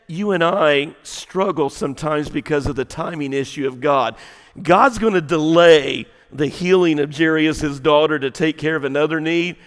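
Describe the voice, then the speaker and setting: A man preaching a sermon, swinging from loud to hushed in a folksy way. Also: fairly high pitch, clear, resonant tone, big-room sound. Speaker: pastor. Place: church sanctuary.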